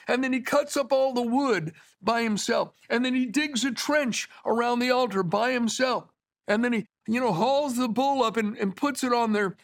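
A man preaching a sermon in a conversational, storytelling way, with asides to his listeners. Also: extremely high pitch.

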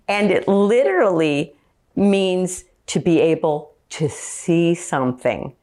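Slow, low-voiced woman preaching. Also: animated, darkish tone. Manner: slow, earnest teaching with Bible quotes. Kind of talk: sermon teaching.

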